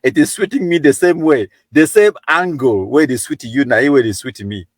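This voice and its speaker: A man's voice: medium pitch, fairly quick, no echo. Cameroonian man reading live comments. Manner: mixes Pidgin and English, reads viewer comments, chuckles. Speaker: live-stream host.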